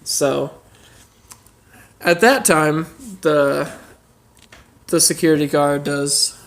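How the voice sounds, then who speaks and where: A podcast co-host improvising a comic story, halting and full of fillers, often giggling. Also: medium pitch, steady tone.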